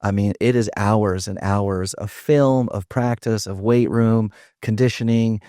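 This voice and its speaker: A male podcast host speaks in a lowish, warm voice, affirming his guest and reflecting. The recording is dry and close to the mic. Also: fairly even intonation, measured pace, no room sound. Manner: affirming, reflective, leads with questions. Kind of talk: conversational interview.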